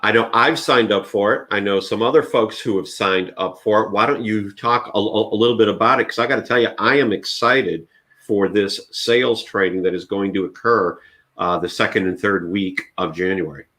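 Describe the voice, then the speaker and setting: A man's voice: on the low side, moderate pace, pushed and bright. A man hosting a live leadership interview, asking questions with many restarts and encouraging comments. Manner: hesitant, restarts and fillers, encouraging. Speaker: host. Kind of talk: interview host chat.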